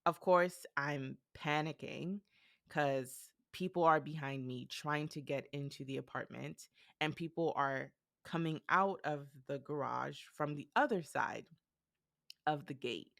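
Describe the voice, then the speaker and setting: A young adult woman hosting a podcast, telling a personal story in a casual, animated way and acting out the dialogue. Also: sits low, unhurried, gravelly, dry recording, clean studio sound. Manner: animated, retells events with quoted dialogue. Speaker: podcast host.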